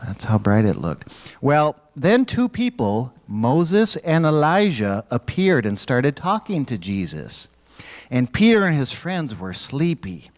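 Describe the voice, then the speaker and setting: A man leading a church children's message, gently asking the kids questions and waiting for their answers. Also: a little high, very animated, takes it slowly. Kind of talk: children's sermon.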